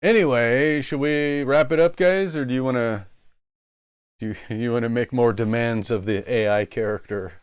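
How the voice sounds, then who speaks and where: A man's voice: mid-range voice, moderate pace, smooth, dry recording, clean studio sound. Rambling man streaming live. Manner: loose, rambling, trails off. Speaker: streamer host. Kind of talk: casual live stream chat.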